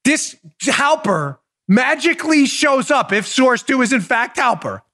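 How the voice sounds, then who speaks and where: A man in his forties hosts a political commentary podcast in a very high, bright voice. He swings wildly up and down in pitch, breaking into incredulous exclamations and bursts of laughter. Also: sing-song, unhurried. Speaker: podcast host.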